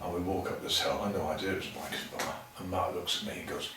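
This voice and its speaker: A man's voice: low-pitched, little pitch movement, rapid-fire, very noisy. A man telling casual, rambling stories as a podcast guest, swearing freely and acting out other people's lines. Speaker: guest saxophonist. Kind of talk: casual anecdotal storytelling. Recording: echoey room, mic far off.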